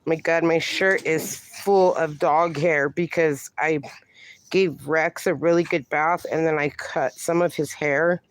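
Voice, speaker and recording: Slow-talking woman livestreaming from her backyard. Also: low voice, steady tone, a little hiss or hum. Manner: slow, affectionate, reads chat comments aloud. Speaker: livestream host. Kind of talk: casual livestream chat. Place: outdoors in a backyard.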